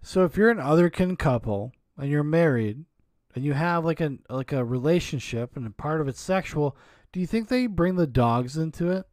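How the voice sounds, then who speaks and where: A man's voice: on the high side, expressive, normal speed, darkish tone, no echo, clean studio sound, soft background music. A man hosting a reaction video, giving blunt, mocking commentary and swearing freely. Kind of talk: crude sarcastic commentary.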